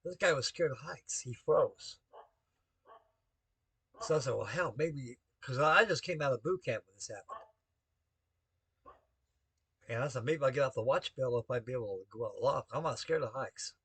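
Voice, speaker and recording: A man's voice: mid-range voice, lively intonation, brisk, a bit bright, breathy edge, no echo. An older man, a navy veteran, rambling through a spoken story to the camera with folksy, salty talk full of shipboard jargon.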